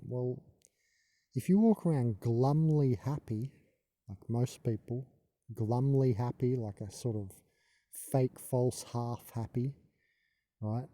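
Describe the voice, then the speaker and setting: Dark-voiced man, rambling and indignant. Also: mid-range voice, slow pace, long pauses, no room sound, clean studio sound. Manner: rambling, indignant, with many fillers and restarts. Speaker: video monologue host. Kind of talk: spiritual conspiracy monologue.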